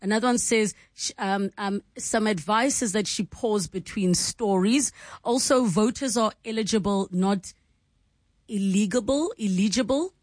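A woman's voice: medium pitch, normal speed, dry recording. A woman from South Africa hosting a conversation, asking questions in a casual way with fillers. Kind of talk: studio conversation.

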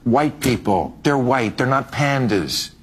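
A man's voice: mid-range voice, lively intonation, takes it slowly, noisy background. A man giving a sardonic political speech.

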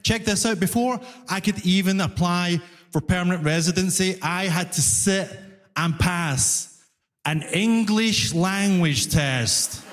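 A Scottish comedian from Glasgow works the room in a stand-up set, and his voice sits high for a man. He tells his stories animatedly and drops into little voiced asides. The sound carries a long, live hall reverb. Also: slow, a bit bright. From Scotland. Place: comedy club stage with audience.

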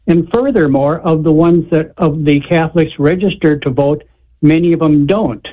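A male caller from Florida with a fairly high voice, heard over a thin, tinny phone line. He speaks haltingly and keeps restarting his sentences as he builds up to his question. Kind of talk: call-in question.

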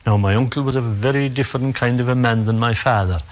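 A man with an Irish accent telling an oral folk tale in a measured, dramatic way, with repetitions and pauses. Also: mid-range voice, fairly even intonation. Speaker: storyteller.

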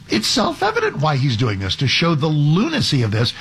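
A man guest-hosting a talk radio show, giving sarcastic, opinionated commentary in an animated way. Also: a little high, moderate pace, gravelly, hardly any pauses, husky.

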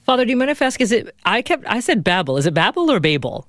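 A radio talk show host interviewing a guest in a curious, lively way. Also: medium pitch, rapid-fire, dry recording, studio quality. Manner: lively, curious, self-deprecating.

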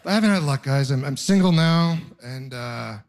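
With a medium-pitched voice at normal speed, a man in his thirties performs stand-up, poking fun at himself through his stories. He talks directly to the audience in animated asides as laughter rises in the background.

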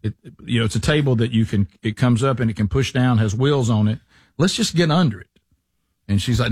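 A middle-aged man, a podcast co-host telling a rambling, animated story in casual chat. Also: medium pitch, moderate pace, slightly rough, no room sound, clean studio sound. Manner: rambling, animated anecdotes with restarts.

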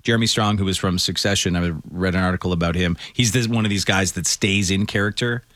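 A man's voice: low-pitched, fairly even intonation, fast talker, fairly bright tone, dry recording, studio quality. A man hosting a radio show, reading entertainment news items and chatting casually about them. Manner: reads items then chats loosely.

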